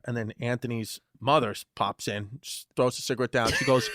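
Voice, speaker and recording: A man's voice: medium pitch, quick pace, few pauses, fairly bright tone, no room sound, clean studio sound. A man in his thirties with a New York accent, a podcast co-host telling rambling, profane stories in casual comedic chat. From Brooklyn, New York. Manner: rambling, profane storytelling with many restarts.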